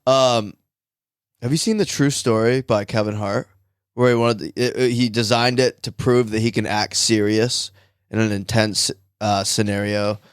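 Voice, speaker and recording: Chill podcast guy, lowish smooth voice, dude bro talk, dry room. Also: fairly even intonation, moderate pace, dry recording. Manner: laid-back, says dude and bro. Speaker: podcast co-host. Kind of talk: casual chat.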